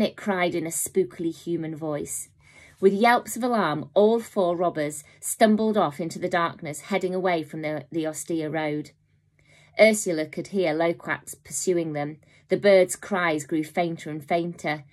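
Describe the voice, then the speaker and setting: A woman teacher reading a children's novel aloud in a calm, steady way. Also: lowish voice, normal speed. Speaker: primary school teacher.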